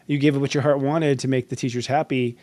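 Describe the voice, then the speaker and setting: A man's voice: medium pitch, little pitch movement, fast, warm tone, dry recording. A man hosting an interview, thoughtful and affirming, who often uses fillers. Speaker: astrologer and show host. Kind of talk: interview chat.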